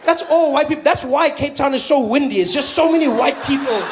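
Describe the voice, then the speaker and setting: A man's voice: extremely high pitch, fairly quick, noisy background. A man from South Africa with a South African accent, performing a playful stand-up comedy set and acting out characters. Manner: animated, playful, acts out characters.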